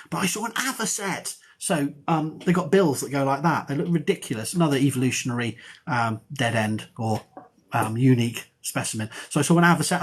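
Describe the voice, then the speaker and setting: A middle-aged man, an archaeology professor, chatting on a live stream in a rambling, self-mocking and excitable way. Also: on the high side, breathy edge. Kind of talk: casual live-stream chat.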